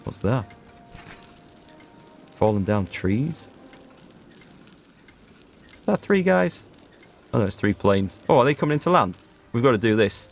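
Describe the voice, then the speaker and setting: A man's voice: medium pitch, expressive, measured pace, gravelly, long pauses, soft background music. A man casually commentating a video game as he plays, joking and talking to his chat. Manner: joking, talks to chat while playing. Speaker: gaming video host. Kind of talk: casual let's-play commentary.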